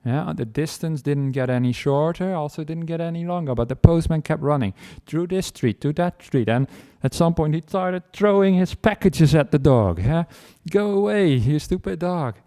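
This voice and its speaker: A man's voice: a little high, normal speed, hardly any pauses, dark tone. A man, a Buddhist monk, giving a humorous dharma talk, telling a made-up story in a playful, self-mocking way. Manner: playful, self-mocking, acts out barking and chases.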